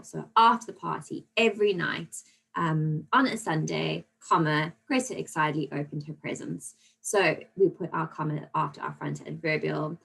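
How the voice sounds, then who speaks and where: A woman's voice: fairly low pitch, creaky, fairly bright tone, poor audio. A woman teaching a recorded grammar lesson to children, explaining patiently and checking in often with "okay?". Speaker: primary school teacher.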